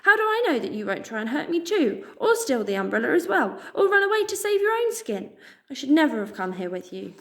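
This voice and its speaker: Woman putting on a jumpy little girl mouse, british, high squeaky and loud. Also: sing-song, brisk. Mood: fearful. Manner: anxious, pleading. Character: frightened young female mouse.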